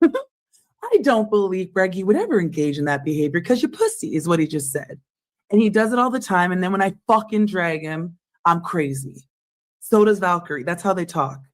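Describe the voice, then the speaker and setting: A woman gives her reactions to clips. She is blunt and scornful and swears freely. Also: mid-range voice. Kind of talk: reaction commentary.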